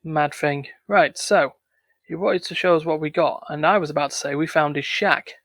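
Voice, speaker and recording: A man with a slightly high voice reads a game's narration aloud, then breaks off into casual joking chat. His voice is dry and close, with no room sound. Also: normal speed, fairly bright tone, dry recording. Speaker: game player reading the game's text. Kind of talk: casual let's-play narration.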